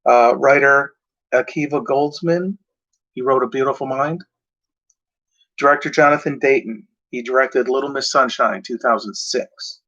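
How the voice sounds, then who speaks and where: A man's voice: mid-range voice, a little slow, a bit bright. A man hosting his own video in casual talk to camera, rambling and hesitant, with many fillers and self-corrections. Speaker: video host. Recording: dull lo-fi sound.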